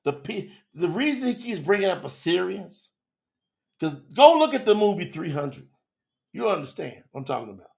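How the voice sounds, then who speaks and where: A middle-aged man teaches scripture to a live online audience. His voice sits high and carries a gravelly fry, and he moves between fervent shouts and hushed, intimate asides. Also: big pitch swings, moderate pace. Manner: fervent, preacherly, big swings from loud to hushed.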